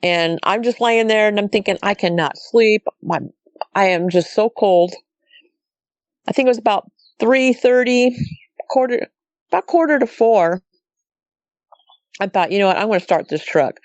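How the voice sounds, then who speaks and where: Middle-aged montana woman telling a story, rambly, dry close mic, normal pitch. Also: lively intonation, normal speed, pauses often, no room sound. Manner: rambling, quotes herself and others. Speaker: guest recounting a sighting. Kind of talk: casual storytelling.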